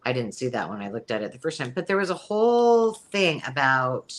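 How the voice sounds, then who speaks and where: A woman's voice: a bass voice, expressive, brisk. A middle-aged woman hosting a live sale, talking in a rambling, chatty way with frequent ums. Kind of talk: casual live-stream selling chat.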